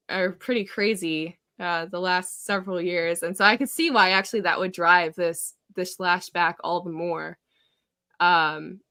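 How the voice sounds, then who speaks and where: A woman co-hosting a reaction show in relaxed, chatty conversation, often laughing. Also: fairly low pitch, dry recording, studio quality. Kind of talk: casual chat.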